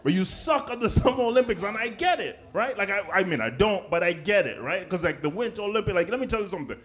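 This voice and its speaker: A man performing a stand-up comedy set, animated and conversational, often checking in with the crowd. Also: high voice, fast talker. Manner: animated, conversational, keeps asking "right?" and "okay?".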